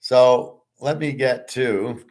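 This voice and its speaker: With a slow pace and a darkish, medium-pitched voice, this middle-aged show host rambles casually. He's blunt and digressive, and swears often.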